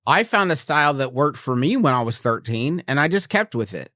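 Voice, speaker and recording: A man's voice: medium pitch, very animated, brisk, pushed and bright, dry recording, studio quality. A man co-hosting a comedy podcast who laughs readily and asks playful questions. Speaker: podcast co-host. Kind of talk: comedic casual chat.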